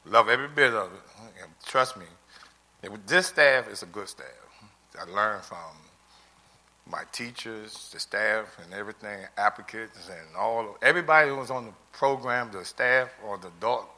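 A man's voice: fairly low pitch, moderate pace, pushed and bright. A middle-aged man giving an earnest, tearful testimonial, rambling with many restarts. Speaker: adult learner giving a testimonial. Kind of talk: heartfelt personal testimony speech.

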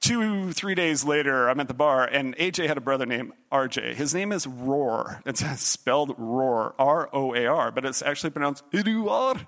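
Speaking at a moderate pace with hardly any pauses, a middle-aged man animatedly recounts a funny personal story. He keeps leaping into different voices and pitches as the tale unfolds.

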